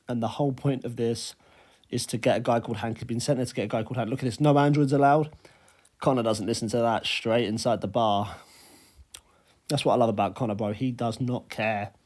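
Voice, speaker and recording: A young gaming YouTuber with a mid-range voice recaps a video game he played, talking fast and excitedly in an animated way and saying "bro" constantly.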